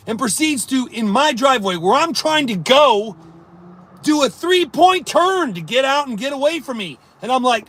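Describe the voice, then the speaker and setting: A man's voice: very high voice, sing-song, moderate pace, a bit bright. A man telling a long story on a casual live stream, acting out his own thoughts as he rambles through it. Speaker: livestreamer reading chat.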